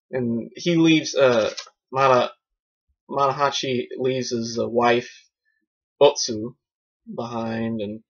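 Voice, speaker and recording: Man, film reviewer, goofy and excitable, rambling, mid-pitched voice, dull lo-fi sound. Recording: dull lo-fi recording.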